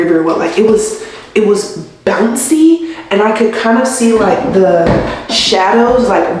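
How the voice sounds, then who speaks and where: A woman's voice: medium pitch, darkish tone. A young adult woman talking through her week as a nurse vlogger in a chatty, casual way, filling her talk with "like" and laughing often. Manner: chatty, with many "like" fillers and frequent laughs. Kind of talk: casual vlog chat. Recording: echoey room with faint noise.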